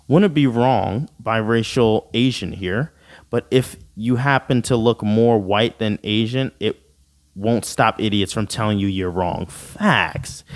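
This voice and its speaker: A man's voice: medium pitch, normal speed. A man hosting a podcast, reading listener comments aloud and ranting bluntly in profane slang. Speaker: podcast host.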